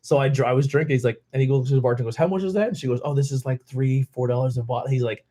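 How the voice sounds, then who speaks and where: A man from Pennsylvania hosting a beer podcast, telling stories in a relaxed, animated way and acting out the people in them. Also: mid-range voice, rapid-fire. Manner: animated, quotes people in raised voices, laughs often. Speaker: podcast host. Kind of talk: casual storytelling chat.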